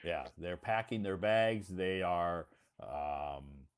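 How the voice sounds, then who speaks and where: An American man speaks in a very deep voice. He hosts a casual, friendly chat, slowing down and repeating things back so the other person can follow. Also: lively intonation, clear, resonant tone. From United States. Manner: friendly, slow and encouraging, repeats to clarify. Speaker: host.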